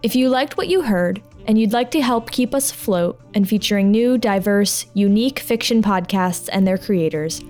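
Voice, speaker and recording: A woman's voice: medium pitch, normal speed, few pauses, a little mellow. Woman host reading a podcast outro. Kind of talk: scripted outro and credits. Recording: faint music behind.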